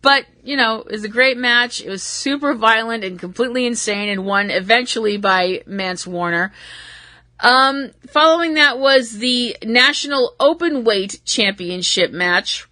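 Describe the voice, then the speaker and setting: A woman from Massachusetts hosts a laid-back wrestling recap, her voice bright and clear. She wanders onto tangents, giggles at her own jokes and keeps apologizing. It sounds dry and close to the mic. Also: a little high, animated, unhurried, no echo. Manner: rambling and self-deprecating, laughs at herself. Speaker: podcast host.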